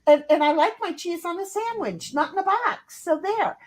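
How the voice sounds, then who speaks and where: Brief: woman stream co-host, high bright voice, animated, reads chat aloud with laughs. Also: moderate pace. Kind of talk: casual livestream chat.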